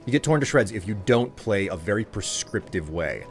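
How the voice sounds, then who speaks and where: A man's voice: on the low side, expressive, a little fast, gravelly, soft background music. A man streaming a game live, chatting with viewers in a loose, rambling way full of fillers and restarts. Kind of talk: casual chat while streaming a game.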